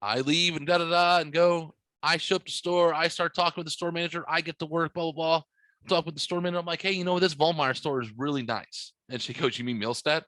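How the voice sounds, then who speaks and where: A man's voice: on the high side, fairly even intonation, fast, a bit bright, no echo. Profane man telling a rambling story. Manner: profane, rambling, acts out dialogue in his stories. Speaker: podcast host. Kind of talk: casual storytelling chat.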